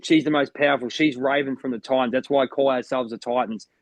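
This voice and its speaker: A man's voice: medium pitch, fairly even intonation, fast talker, no room sound. An Australian man co-hosting a podcast as a motivational coach, talking in an enthusiastic, rambling way with lots of restarts. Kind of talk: casual chat.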